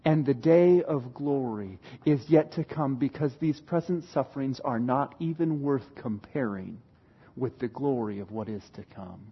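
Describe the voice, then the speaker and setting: Male preacher, unhurried delivery, swings between loud storytelling and quiet emphasis. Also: medium pitch, slightly rough, highs cut off. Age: adult parent. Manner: dramatic, shifts from loud retelling to hushed emphasis. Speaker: pastor. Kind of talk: sermon.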